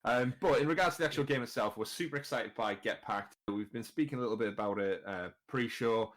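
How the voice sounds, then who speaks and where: A man's voice: medium pitch, brisk, fairly bright tone. A British man hosting a casual gaming podcast, chatty and leading each segment. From Britain. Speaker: podcast host.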